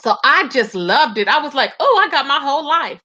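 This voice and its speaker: A woman's voice: high-pitched, animated, fairly quick, sharp tone, muffled recording. A woman hosting a casual livestream about online drama. She chats freely and greets viewers by name. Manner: chatty, greets viewers by name, calls them "baby" and "y'all". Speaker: livestream commentary host. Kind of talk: casual livestream gossip commentary.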